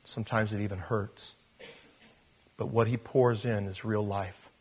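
Husky animated male preacher. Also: on the low side, measured pace. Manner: animated, swinging between loud emphasis and soft asides. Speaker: pastor. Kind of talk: sermon.

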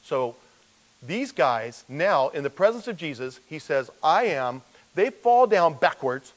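A man's voice: a little high, sing-song, unhurried, poor audio. A man as pastor, teaching a verse-by-verse sermon in a conversational way and acting out the voices he quotes.

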